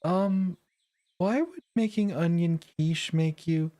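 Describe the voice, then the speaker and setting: A streamer reading a story game aloud, voicing a cheerful, caring young woman who worries over her friend. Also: close to an everyday voice. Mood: puzzled. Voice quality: high and bright, sing-song. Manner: gentle, fussing, quick to scold in jest.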